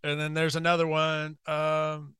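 A man's voice: fairly high pitch, monotone, a little slow, a bit bright, clean tone. A man in his forties hosting a podcast, chatting loosely with a guest, swearing freely and laughing often. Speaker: podcast host. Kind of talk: casual chat.

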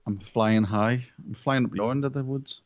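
A man's voice: medium pitch, normal speed, no room sound, highs cut off. A man co-hosting a podcast in casual chat, laid-back with short replies. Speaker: podcast co-host.

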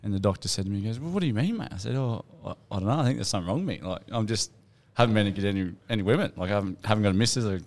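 On a podcast with his mates, an Australian co-host tells a long joke as though it happened to him, animatedly acting out the other voices and swearing freely. He speaks on the low side, racing along with few pauses.

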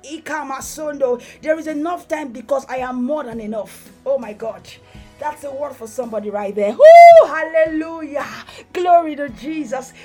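A woman podcast host preaching and praying prophetically, with fervent, repeated declarations and bursts of speaking in tongues. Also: high voice.

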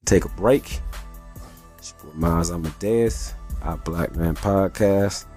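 A man's voice: low voice, unhurried, mellow, soft background music. A man hosting his own podcast, telling stories in a loose, profane, chatty way and often asking "you know what I'm saying". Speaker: podcast host. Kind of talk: casual storytelling monologue.

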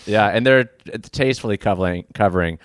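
A man improvising a comedy story with friends in a playful, unhurried way. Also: fairly low pitch, no room sound, clean studio sound.

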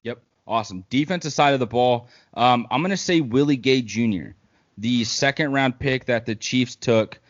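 A man's voice: medium pitch, moderate pace, lo-fi sound. A man co-hosting a casual sports talk show, rambling through football picks with plenty of fillers. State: hiccups. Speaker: podcast co-host.

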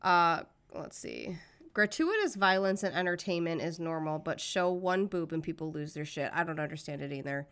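Outspoken American woman co-host, lower register, casual and profane. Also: lively intonation, moderate pace, a bit bright, clear, resonant tone. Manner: outspoken, swears freely. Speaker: podcast co-host. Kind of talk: casual blunt podcast chat. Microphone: remote call, connection drops.

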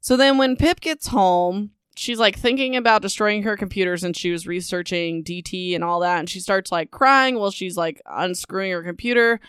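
A woman's voice: medium pitch, moderate pace, few pauses, a bit bright, smooth, no echo, studio quality. A young woman hosting a casual book recap podcast, talking in a sarcastic, dismissive way with lots of "like" and "whatever.".

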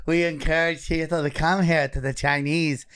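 A smug, insincere woman politician, as a man mocks her in a podcast chat. The voice stays high and light, and it lands flat and sarcastic rather than fully acted. The lines come a little slow and quiet, like a sneer. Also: smooth, close to an everyday voice. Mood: mocking. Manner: mocking, flat sarcastic delivery.

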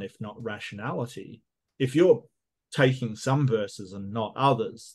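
A man making a measured, reasoned case in an online debate. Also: mid-range voice. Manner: measured, reasoned argument with some restarts.

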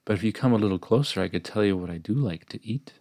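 A man's voice: on the low side, quick pace, warm tone, no room sound, clean studio sound. A man doing a sly crocodile.

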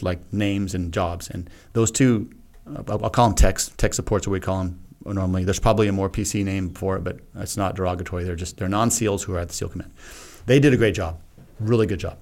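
Low-voiced man telling a frank personal story. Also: fairly even intonation, quick pace, hardly any pauses, a little mellow. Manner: earnest, frank, acts out his own past remarks. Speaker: podcast guest, retired Navy SEAL. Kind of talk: casual conversational storytelling.

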